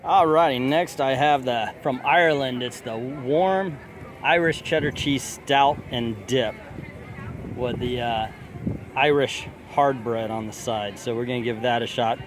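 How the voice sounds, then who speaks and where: With a mid-range voice and a slightly slow pace, a vlogger jokes and reads menu items aloud for his casual food video at an outdoor theme park festival. Loud music plays nearby, and there's a little hiss or hum.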